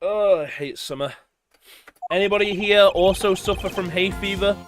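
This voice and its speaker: Over game music, a man streams a video game in casual let's-play fashion, rambling, swearing and letting sentences trail off. His voice sits high and he talks at a normal speed.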